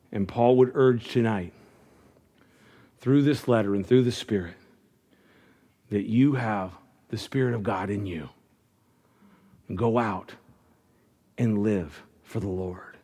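A man's voice: on the low side, slow pace, pauses often, mellow, breathy edge. A middle-aged man preaching a sermon as pastor, earnest and conversational, often restarting his phrases.

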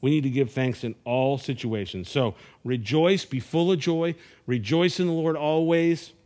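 A pastor delivers an earnest sermon in a mid-pitched male voice. He stumbles over repeated words as he builds each point, then lets his phrases sink low and quiet. His pitch sits at an ordinary middle for a man. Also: normal speed.

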